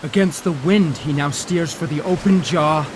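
An actor playing a worried, pious first mate on a whaling ship in an audio drama, grave and pleading, over loud music. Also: male voice, on the high side, moderate pace, a little hiss or hum, natural voice. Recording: loud music bed under the voice.

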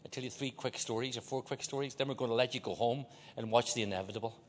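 An older man from Northern Ireland with a Belfast accent, preaching a sermon as a visiting preacher. He swings from loud exhortation to hushed confession, with joking asides. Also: mid-range voice, quick pace, slight background noise. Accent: Northern Irish, Belfast. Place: large church auditorium. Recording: long hall reverb in a big church.

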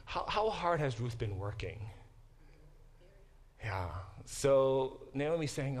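A man's voice: mid-range voice, big pitch swings, slow pace, a little mellow. A man teaching a church Bible class in a conversational lecture style, often asking the class questions. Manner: conversational, asks the class questions, many restarts.

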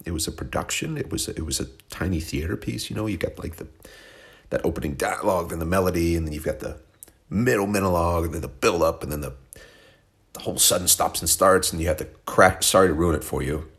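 This Oklahoma man hosts a radio music show, talking fast in a low voice with vocal fry and a bit of brightness. His casual song introductions ramble, with a wry tone and frequent self-corrections.

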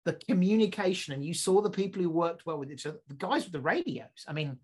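A man co-hosting a podcast, telling stories in a lively, casual way and often restarting and repeating words as he thinks. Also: a little high, fast talker, breathy edge. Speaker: podcast co-host.

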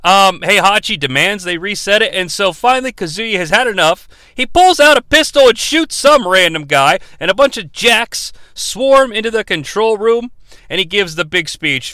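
Casting: a wry, bright-voiced man, animated pitch, dry close sound, rambling and sarcastic. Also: normal speed, dry recording. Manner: sarcastic, profane, rambling asides. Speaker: movie review host. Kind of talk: comedic movie recap.

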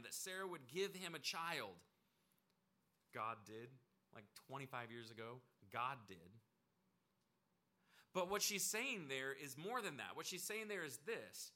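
A man preaching a sermon in a bright, sharp voice. He talks to the congregation conversationally and leans into points with emphatic repetition. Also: mid-range voice. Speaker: pastor.

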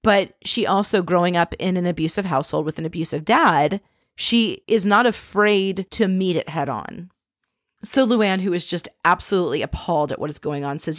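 A woman recapping a reality show for her viewers in an animated, gossipy way, swearing casually as she tells the story. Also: on the low side, moderate pace, no echo, clean studio sound.

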